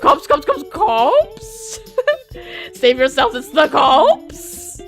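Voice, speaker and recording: Manic game-text vagrant, male, yells everything, high and loud, a woman acting him out. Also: unhurried, soft background music, heavily acted. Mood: panicked. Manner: shouting, ends words like excited questions. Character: excitable paranoid scruffy male street cyclist.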